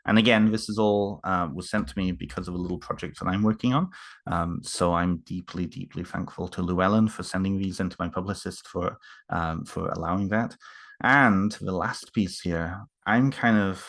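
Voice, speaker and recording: A man unboxing books in a casual home vlog, talking haltingly with many fillers and restarts, moved and emotional. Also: low voice, fairly even intonation, a bit bright.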